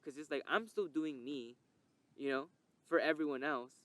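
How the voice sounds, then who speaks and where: A man's voice: a little high, moderate pace, dry recording. A young man telling a candid, emotional personal story, rambling and swearing as he reflects. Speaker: podcast host. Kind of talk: reflective personal testimony monologue.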